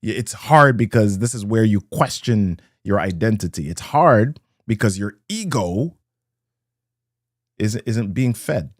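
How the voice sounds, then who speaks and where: Low-voiced man giving a rhythmic motivational talk. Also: expressive, measured pace, no room sound, studio quality. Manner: rhythmic, repeats key lines, greets viewers. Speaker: motivational speaker. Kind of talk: live-streamed motivational talk.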